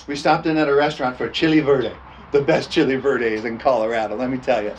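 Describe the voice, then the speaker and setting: A man's voice: medium pitch, steady tone, fast, a little hiss or hum. A man preaching a storytelling sermon in a folksy, laughing way, often tossing "amen?" to the congregation.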